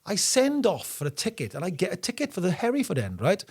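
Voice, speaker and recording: A Welsh man in middle age co-hosts a casual podcast chat, telling anecdotes with plenty of laughter. His voice sits a little high for a man. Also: fast, slightly rough. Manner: animated, laughs while telling stories. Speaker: podcast co-host.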